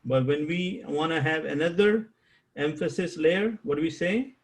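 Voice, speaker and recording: A man teaching an online Arabic grammar class over a video call, slow and patient, repeating key terms and quizzing his students. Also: on the high side, poor audio. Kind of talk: live online class lecture.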